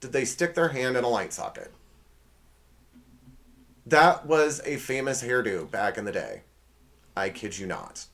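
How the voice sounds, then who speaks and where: A man hosting a comedy podcast, talking through a casual monologue with sarcastic, rambling asides and quick self-corrections. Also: medium pitch, big pitch swings, gravelly, fairly bright tone. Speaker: podcast host.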